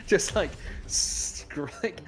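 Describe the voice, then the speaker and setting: A man with a British accent, chatting and joking as a guest while playing a co-op game. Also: on the low side. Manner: chatty, joking, rambling asides. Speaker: co-op guest streamer. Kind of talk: casual gaming chat. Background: game music.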